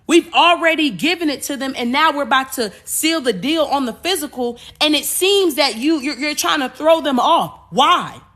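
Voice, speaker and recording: A woman hosting a podcast, speaking. She talks in an animated way, repeating words and slipping into acted-out voices. Her voice is bright and sits fairly high. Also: normal speed, few pauses. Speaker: podcast host. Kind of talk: spiritual talk monologue.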